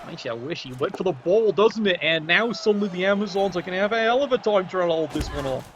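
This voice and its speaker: A high-pitched man calls a game match with a dry, mocking edge, swearing casually and talking straight to the players. His voice sits well above the usual male range. A clear wash of background noise hums under the whole recording. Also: lively intonation, quick pace. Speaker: commentator. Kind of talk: game commentary.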